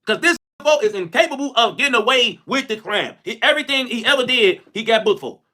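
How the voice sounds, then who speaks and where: A Chicago livestream host tells stories in a casual stream, talking fast with high energy. He's loud and excitable, trash-talks, and uses heavy slang.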